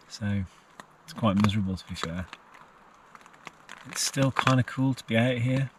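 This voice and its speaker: A man camping in a tent in a forest, chatting casually to the camera and talking to his dog in a fond, sing-song voice. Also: fairly low pitch. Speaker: vlogger. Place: inside a small tent in a forest. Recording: distant mic with clear background noise. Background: rain and outdoor noise.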